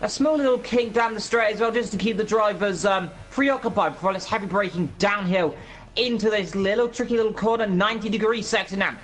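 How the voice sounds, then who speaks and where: A man's voice: high voice, fairly quick, fairly bright tone. A man giving live commentary on an esports racing event, walking through the track with playful energy.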